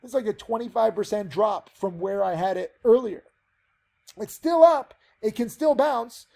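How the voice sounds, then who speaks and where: A man's voice: sits high, moderate pace, vocal fry, dark tone. A man teaching penny stock trading, giving a casual, rambling trade recap with many fillers.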